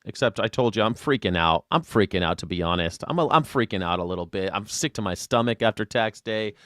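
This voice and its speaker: Man, live show host, low voice, rambling, excitable, casual swearing, dry close sound. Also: brisk, no echo. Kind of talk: casual call-in chat.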